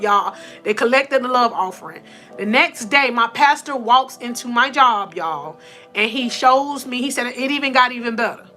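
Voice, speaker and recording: Bright, high-voiced woman preaching to viewers. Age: adult with four sons. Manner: testimony storytelling, addresses viewers as y'all; emotional, laughs and tears up. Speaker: motivational livestream host. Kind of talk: faith-based motivational talk.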